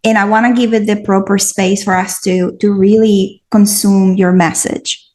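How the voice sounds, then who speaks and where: A woman's voice: mid-range voice, level tone, moderate pace, a little mellow. A woman host with an accent, chatting and then reading a post aloud earnestly. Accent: non-native English accent. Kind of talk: casual chat and reading aloud.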